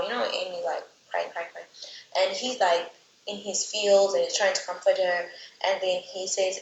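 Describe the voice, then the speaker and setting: A woman's voice: medium pitch, steady tone, moderate pace, slight background noise. Chatty woman ranting about a book. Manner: chatty, lots of "like", exasperated asides. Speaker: book reviewer. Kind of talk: casual book recap and rant. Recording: roomy, slightly dull recording.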